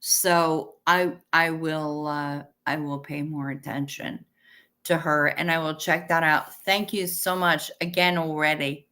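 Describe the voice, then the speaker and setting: She's a woman in her fifties running a relaxed webcam livestream, talking casually, cursing, thanking viewers and replying to chat. Her low voice has fairly even intonation, a slightly slow pace, and a pushed, bright quality.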